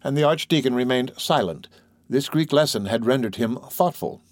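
A male audiobook reader narrating a classic novel at a steady, unhurried pace. His pitch sits in a middling range. The recording is dry and close. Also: dry recording.

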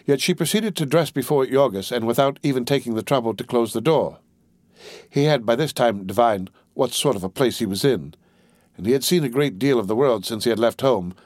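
Brief: male audiobook narrator, mid-pitched, steady and measured, dry close sound. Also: no echo.

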